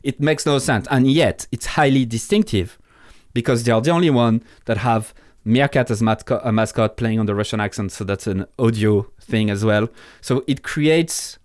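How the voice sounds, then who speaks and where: A man's voice: medium pitch, normal speed, few pauses, darkish tone, no room sound, clean studio sound. A man with a French accent, a podcast guest in casual interview talk, blunt and swearing freely, often restarting his sentences. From France.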